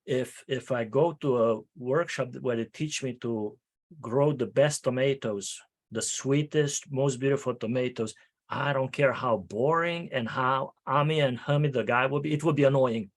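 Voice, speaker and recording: A man hosting a casual interview about public speaking, talking in an animated way and often repeating words as he starts a thought. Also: mid-range voice, normal speed. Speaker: host.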